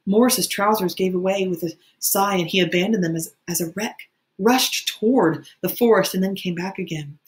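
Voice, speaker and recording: A woman teacher reading a novel aloud for her students in a plain manner, with occasional restarts. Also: fairly low pitch.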